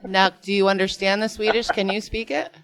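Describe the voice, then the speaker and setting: A woman's voice: medium pitch, steady tone, brisk, fairly bright tone. A woman hosting a casual radio interview, with upbeat, short replies and simple questions. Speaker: radio show host.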